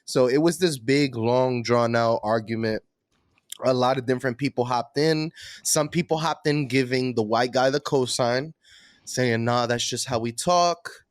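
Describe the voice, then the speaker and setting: A man's voice: medium pitch, measured pace, no echo, studio quality. A man co-hosting a podcast, telling a long story in a loose, casual way with plenty of swearing. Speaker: podcast co-host. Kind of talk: casual chat.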